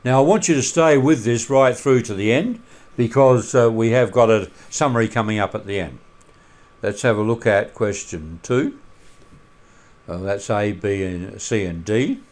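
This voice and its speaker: A man teaching a maths lesson over a screencast in a relaxed way, with many filler sounds and questions put to the students. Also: fairly low pitch, moderate pace.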